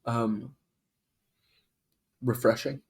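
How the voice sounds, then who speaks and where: A man's voice: mid-range voice, fairly even intonation, drawn-out words, vocal fry, husky. A man playing a tabletop game, hesitant and thinking aloud as he decides what to do. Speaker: player.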